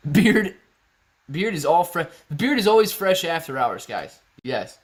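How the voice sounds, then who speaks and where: A man's voice: sits high, very animated, measured pace, husky. A man hosting a casual livestream Q&A, reading viewers' comments aloud and answering in a chatty, laid-back way. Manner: chatty, laid-back, often laughing, says "man" and "bro". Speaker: stock livestream host reading chat.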